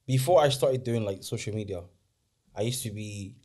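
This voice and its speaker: A man's voice: on the low side, darkish tone. A young Scottish man, a podcast guest, telling stories casually and acting out the dialogue. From Scotland. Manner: quick, chatty, acts out dialogue. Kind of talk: casual chat.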